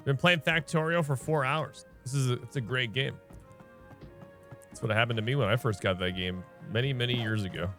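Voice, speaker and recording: A man's voice: mid-range voice, brisk, a bit bright, soft background music. A man streaming a video game, chatting casually and thinking aloud while he plays, often firing off questions. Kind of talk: casual let's-play commentary.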